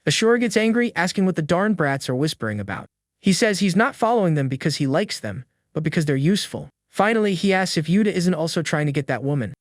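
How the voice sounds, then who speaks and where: A man with a slightly higher voice reads a comic recap as scripted narration. His delivery is steady and even, and it sounds dry and close, with no room echo around it. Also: quick pace.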